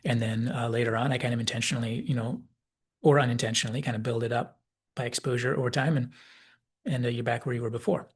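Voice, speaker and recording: Husky man hosting a rambling, reflective episode analysis; mid pitch. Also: fairly even intonation, fast talker. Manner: thoughtful, digressive, with many hedges. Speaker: channel host, commentator.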